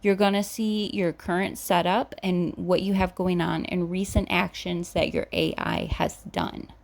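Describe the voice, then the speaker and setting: A woman vlogger chatting excitedly to her viewers as she walks them through an app on screen. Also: lowish voice, a little slow, gravelly. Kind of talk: casual screen-walkthrough chat.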